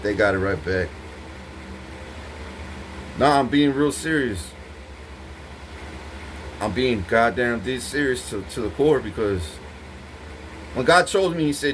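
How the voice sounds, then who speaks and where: A man's voice: mid-range voice, animated, slow, pauses often, a bit bright, slight background noise, low-quality recording. A man talking to the camera in an intense, rambling monologue full of swearing, speaking straight to his partner. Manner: intense, profane, rambling, addressing a partner directly.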